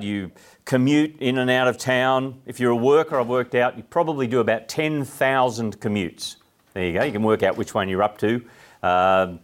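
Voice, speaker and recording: Casting: middle-aged Aussie male preacher, mid-pitched voice, relaxed, talks with the congregation. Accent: Australian. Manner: chatty, asks the audience questions, frequent restarts. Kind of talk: conversational sermon.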